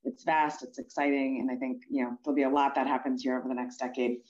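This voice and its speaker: A woman from Pennsylvania, speaking as a guest in an interview, thoughtful and halting with many fillers. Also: extremely low pitch, level tone, a little mellow, muffled recording. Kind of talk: conversational interview answers.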